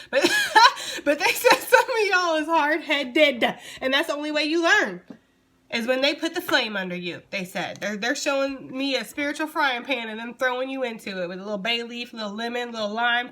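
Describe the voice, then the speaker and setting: Blunt woman tarot reader, bright voice, casual and profane, laughs a lot. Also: fairly high pitch. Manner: blunt, swears freely, laughs often.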